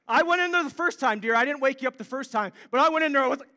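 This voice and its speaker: A young man from Ohio preaching a sermon, telling animated stories with self-deprecating humor. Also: very high-pitched, racing, few pauses. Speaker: pastor.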